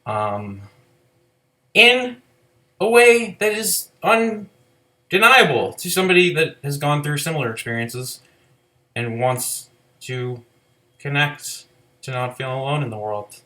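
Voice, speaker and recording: A man's voice: fairly high pitch, expressive, slow, long pauses, sharp tone. Rambling man reviewing an album. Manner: rambling, many "like" fillers, loose profanity. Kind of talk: casual spoken music review.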